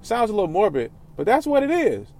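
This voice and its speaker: A man's voice: high voice, wildly swooping pitch, fairly quick, darkish tone. A man vlogging candidly about his feelings, rambling, swearing, and often restarting his sentences. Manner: rambling, profane, restarts a lot. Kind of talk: candid personal vlog.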